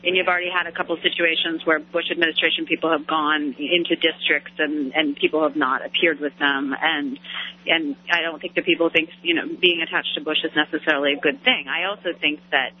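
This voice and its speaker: A woman speaking as a political commentator guest on a radio talk show, rapid and full of fillers and restarts, heard over a phone line. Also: sits low, steady tone, slight background noise.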